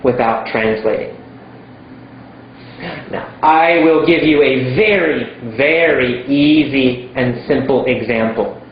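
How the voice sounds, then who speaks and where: A man teaching English in a slow, emphatic way, repeating simple words for learners. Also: mid-range voice, slight background noise. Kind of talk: slow teaching monologue to camera. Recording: very echoey room, dull lo-fi sound.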